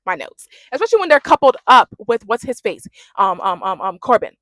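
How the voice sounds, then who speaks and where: Sassy high-voiced young woman ranting. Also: brisk, no echo, clean studio sound. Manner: animated, sassy, mimics cast members. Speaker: reality show commentator. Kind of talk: casual ranting recap.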